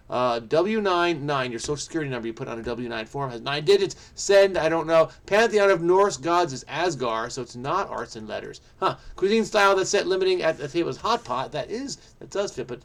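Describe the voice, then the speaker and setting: A man hosting his own channel, solving a crossword out loud in a casual think-aloud, frenetic and muttering to himself. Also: mid-range voice, gravelly. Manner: frenetic, muttering to himself, quick bursts then trailing off. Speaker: crossword solver, channel host.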